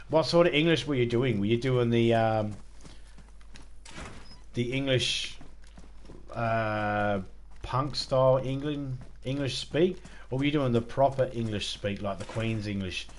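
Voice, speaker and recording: A man's voice: lowish voice, slight background noise. An Australian man chatting casually with viewers on a live game stream, rambling, self-mocking and swearing freely.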